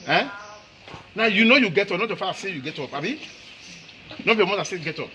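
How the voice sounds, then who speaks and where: A pastor with a high, bright, forceful voice talks fast with lively intonation, preaching in Nigerian Pidgin. During the sermon he questions children and congregants, repeating tag questions like "eh?" as he goes.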